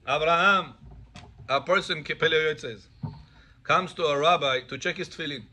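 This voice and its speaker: A man's voice: a little high, normal speed, pushed and bright. A man teaching a class as a rabbi, telling stories and acting out the dialogue with animation. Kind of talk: storytelling Torah class.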